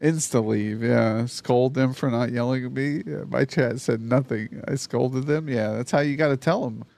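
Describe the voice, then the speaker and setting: A man's voice: medium pitch, moderate pace, creaky, darkish tone. A man hosting a live stream, chatting casually and loosely with a guest and his chat and swearing freely. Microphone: streaming mic on a mixer.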